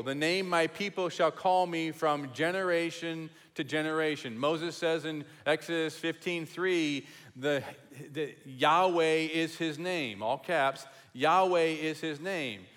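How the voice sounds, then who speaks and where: A man preaching a sermon as pastor, emphatic and repetitive, dropping to a hush on key words. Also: on the high side. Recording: long hall reverb.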